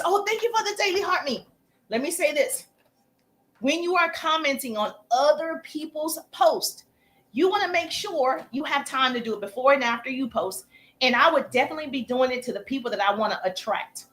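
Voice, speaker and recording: A woman coaching viewers on a live stream, chatty and energetic, breaking off to thank viewers as she teaches. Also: sits high, a little fast. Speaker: social media coach.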